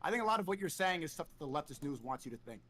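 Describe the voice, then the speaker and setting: A man's voice: fairly high pitch, lively intonation, rapid-fire. A man arguing back on a stream, challenging and contrarian, stammering when pressed. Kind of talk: heated argument on a stream. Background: loud music.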